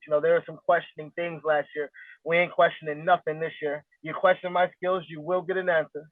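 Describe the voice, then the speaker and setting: A man's voice: a little high, no room sound. A man, a guest fighter in a casual interview, talking confidently and rambling with lots of fillers. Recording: tinny phone-like line, dry.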